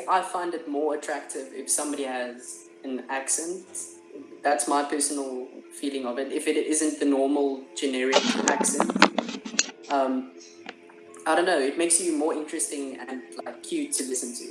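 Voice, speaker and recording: A South African man chats over a video call, drifting and hesitating as he searches for words. His voice sits in an echoey room, with music playing clearly behind him. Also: medium pitch, fairly even intonation, normal speed. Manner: rambling, hesitant, lots of fillers and laughs. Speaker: chat partner. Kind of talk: casual video chat.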